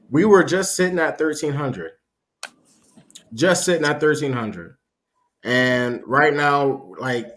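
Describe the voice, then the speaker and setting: A man hosting a live stream, building up his audience with upbeat, drawn-out motivational talk. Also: medium pitch. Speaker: host of a crypto live stream.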